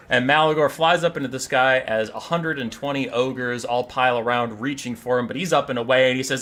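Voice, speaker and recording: A man casting a strategy game battle, telling the story in an animated, jokey way with quick asides. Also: medium pitch. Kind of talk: casual game commentary and storytelling.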